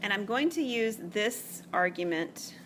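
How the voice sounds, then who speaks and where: A woman's voice: medium pitch, lively intonation, unhurried, a bit bright, slight background noise. A woman math teacher lecturing to a class, chatty and checking in often with "okay?". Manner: chatty, explains step by step with frequent "okay?" checks.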